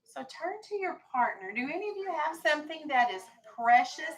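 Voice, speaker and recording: A woman's voice: high voice, very animated, fairly quick, poor audio. A woman teaching a classroom vocabulary lesson, firm and explanatory, stressing key words.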